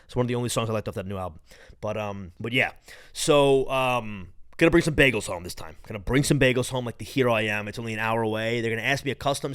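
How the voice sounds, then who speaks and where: A man in his late twenties from Long Island with a New York accent, hosting a casual solo podcast in a profane, rambling, excitable way. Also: mid-range voice, fast, smooth, no room sound, clean studio sound. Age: late 20s. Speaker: podcast host.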